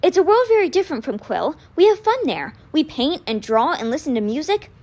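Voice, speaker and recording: A woman's voice: high voice, sing-song, a little fast, darkish tone, pitched above the performer's own voice. Woman voicing a pleading teenage twin boy. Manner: pleading, urgent.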